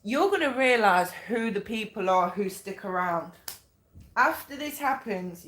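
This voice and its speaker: Chatty woman doing a tarot reading, echoey room. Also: medium pitch. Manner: chatty, repetitive, blunt with casual swearing. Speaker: tarot reader. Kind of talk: casual spoken tarot reading.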